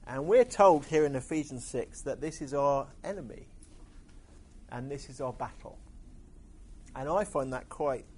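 A man preaching a sermon, pausing often with hesitant fillers. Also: mid-range voice, expressive, a little mellow, slightly rough.

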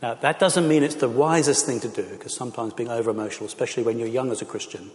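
A man's voice: mid-range voice, fast. A middle-aged man, a pastor, speaking earnestly and with passion to a church audience, with frequent fillers. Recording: echoey hall.

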